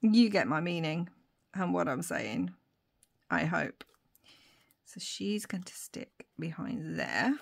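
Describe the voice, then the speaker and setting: A woman making a papercraft tutorial at her craft desk, thinking aloud as she works, with fillers and soft whispered asides. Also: on the low side, lively intonation, takes it slowly, creaky, long pauses. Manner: drops to soft whispers between remarks. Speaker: papercraft vlogger.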